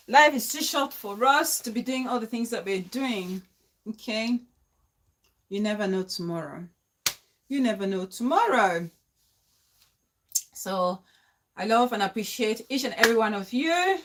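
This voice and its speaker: A woman hosts a casual live stream and speaks straight to her viewers. Her voice sits high and sounds bright and forceful, and her delivery is emotional and pleading. She calls out viewers by name. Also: expressive, unhurried, long pauses. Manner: emotional and pleading, shouting out names.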